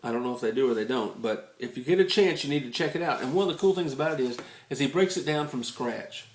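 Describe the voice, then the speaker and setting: A man from Tennessee with a Southern US accent chats through a casual video review in a folksy, rambling, good-humored way. His voice sits at an everyday middle pitch. The indoor room leaves a noticeable roomy echo. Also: lively intonation, fast talker, a little hiss or hum. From Tennessee, United States. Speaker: ukulele book reviewer.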